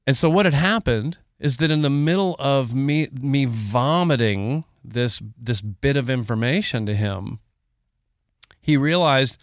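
A man's voice: medium pitch, expressive, normal speed, no echo, studio quality. A man co-hosting a podcast, telling a long story in casual chat, emotional and rambling, with frequent laughs. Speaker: podcast co-host.

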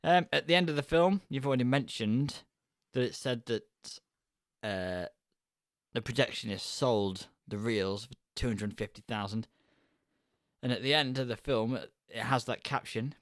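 A man's voice: mid-range voice, normal speed, fairly bright tone, no echo. Guy reading film trivia on a podcast, playful, dry close sound. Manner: playful, reads facts aloud. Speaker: podcast co-host. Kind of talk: casual film chat.

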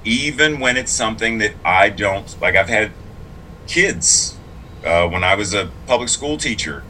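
A man's voice: fairly low pitch, lively intonation, a little slow, pushed and bright, slight background noise, poor audio. A man who is both clergy and a public school teacher, speaking in a casual interview in an earnest, reflective and emphatic way.

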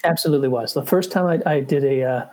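A man's voice: medium pitch, fast, mellow. A man co-hosting a casual board game podcast, talking with many fillers and restarts. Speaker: podcast co-host. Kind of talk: casual chat.

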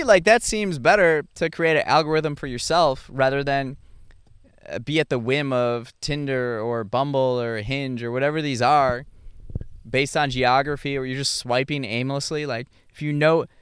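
Young guy, mid pitch, smooth tone, casual and halting, lots of fillers and little laughs. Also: no room sound, studio quality. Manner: halting, many fillers and restarts, chuckles often. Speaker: speaker sharing his dating life. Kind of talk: casual rambling monologue.

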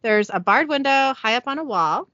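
A woman's voice: fairly high pitch, lively intonation, normal speed, sharp tone, dry recording, muffled recording. A woman hosting a podcast, giving a chatty, giggly, irreverent recap of a TV episode. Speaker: podcast host.

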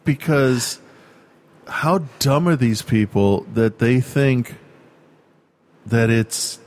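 A man's voice: mid-range voice, very slow, a little mellow. A man chatting casually with a friend, sarcastic and profane, mocking what he hears in the news. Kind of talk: casual chat.

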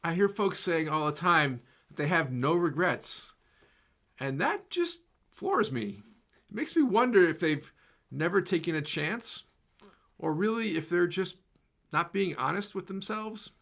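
A man preaching a sermon in a slow, measured, reflective way, letting repeated words fall soft and quiet. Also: high voice, animated, gravelly.

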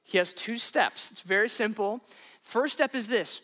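A man preaching a sermon to a congregation, conversational and animated, breaking into emphatic punchlines. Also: sits high, measured pace. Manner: conversational, self-questioning asides. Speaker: pastor.

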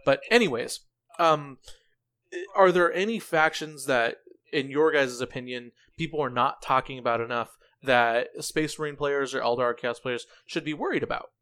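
A man's voice: mid-range voice, moderate pace, fairly bright tone, smooth. A man hosting a podcast, chatting casually and often restarting his sentences. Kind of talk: casual chat.

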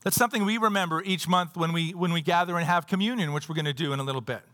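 A man's voice: a little high, racing, a bit bright. A male pastor preaching a sermon in a church. He talks conversationally, reads scripture aloud, and adds playful asides. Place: church sanctuary. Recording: long hall reverb.

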